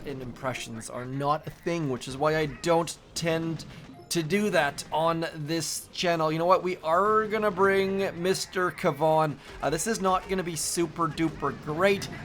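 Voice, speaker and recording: A man with a slightly higher-than-usual voice talks through a strategy game as he plays. He sounds chatty and self-deprecating, thinking aloud with plenty of fillers. A faint background hiss sits under the recording. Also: fairly bright tone. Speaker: host of a mobile strategy game channel. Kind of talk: casual gameplay commentary.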